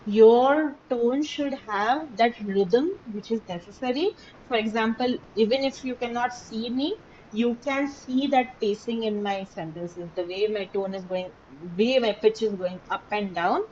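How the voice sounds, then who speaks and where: Female instructor, emphatic lecture delivery with frequent check-ins; slightly muffled recording, faint low hum. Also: unhurried, few pauses, a little mellow. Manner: emphatic, repeats key words, checks understanding. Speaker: teacher. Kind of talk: online class lecture.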